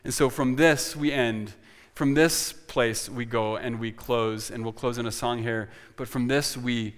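A man's voice: medium pitch, fairly even intonation, unhurried. A man preaching a sermon as pastor and closing in prayer, earnest and often restarting his words. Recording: long reverb of a large hall.

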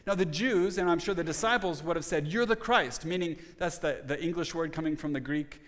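A man's voice: fairly high pitch, brisk, a bit bright, long reverb tail. A man preaching a sermon as pastor, earnest and conversational, often restarting his phrases.

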